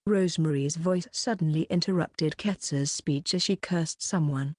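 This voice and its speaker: Brief: woman narrator, low mellow voice, steady read, dry close sound. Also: moderate pace, hardly any pauses, no echo. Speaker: audiobook narrator. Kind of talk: scripted audiobook narration.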